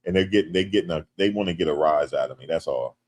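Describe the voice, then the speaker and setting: A man from the United States hosting a casual livestream. He reads viewer comments aloud and jokes back, turning loud and animated when teased. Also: sits low, fast. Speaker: livestream host.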